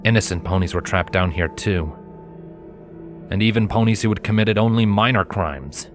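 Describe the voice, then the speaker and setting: A man narrating a fanfiction chapter as an audiobook, in a steady, measured storytelling manner. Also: on the low side, soft background music. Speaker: audiobook reader.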